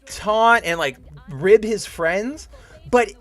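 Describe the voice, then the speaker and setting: High-voiced, animated male host. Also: takes it slowly. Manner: animated and profane, acts out scenes in mock voices. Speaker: podcast host. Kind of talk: casual review commentary.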